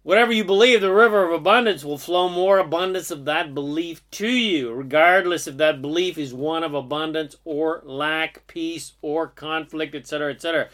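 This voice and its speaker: A man giving an earnest, sermon-like spiritual talk, drawing out his phrases slowly. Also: fairly high pitch, a bit bright. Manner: slow, earnest, sermon-like delivery with drawn-out phrases. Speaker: spiritual speaker. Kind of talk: inspirational monologue.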